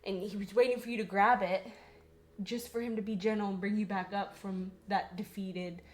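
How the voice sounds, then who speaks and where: A woman's voice: medium pitch, steady tone, normal speed, darkish tone. A young woman co-hosting a faith podcast, talking earnestly and a little out of breath, with lots of filler words as she works through her thoughts. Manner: earnest, rambling with many "like" fillers. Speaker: podcast co-host. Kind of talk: casual faith conversation.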